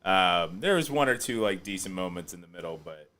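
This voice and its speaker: A man hosting a podcast, chatting casually and joking, often breaking into loud laughter. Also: sits low, a little fast. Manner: animated, joking, laughs loudly. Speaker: podcast host.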